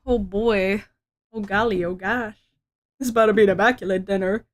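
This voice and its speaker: A woman's voice: mid-range voice, fairly even intonation, brisk. A woman streamer reading webtoons aloud, breaking off into joking, self-mocking comments.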